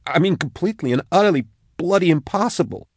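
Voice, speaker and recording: A man voicing a frightened, sharp-tongued young woman in an audiobook, snapping and sarcastic. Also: lowish voice, animated, normal speed. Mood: snappish. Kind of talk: audiobook character voice.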